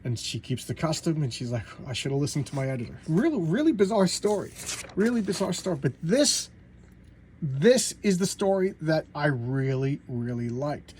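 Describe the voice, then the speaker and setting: A man casually retelling comic book stories in an animated way, slipping into voices for the characters. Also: a little high, moderate pace, slight background noise.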